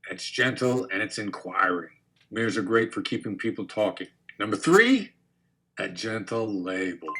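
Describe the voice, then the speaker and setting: Calm man teaching negotiation tactics. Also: on the low side, breathy edge. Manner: calm, measured explaining with demonstrated inflections. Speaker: negotiation instructor. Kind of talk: instructional talk to camera.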